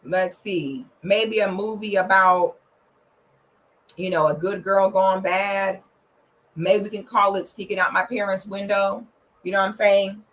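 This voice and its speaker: A young woman giving blunt, profane, big-sister style commentary in a casual vlog, slipping into loud playful shouting now and then. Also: steady tone, measured pace, low-quality recording. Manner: bursts into loud playful shouting when pitching her membership. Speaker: vlogger commenting on celebrity relationships.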